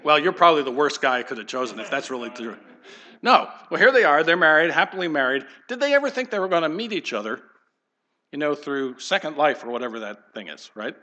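A man in middle age preaches to his church in a bright, forceful voice that sits a little above the usual pitch. He keeps it conversational and turns again and again to the congregation with direct questions. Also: lively intonation, quick pace, lo-fi sound. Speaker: pastor. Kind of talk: sermon. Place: church sanctuary.

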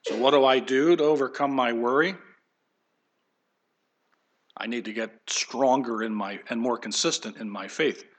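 A pastor preaching a conversational sermon, animated and folksy, acting out the voices he quotes. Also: medium pitch, moderate pace, pauses often.

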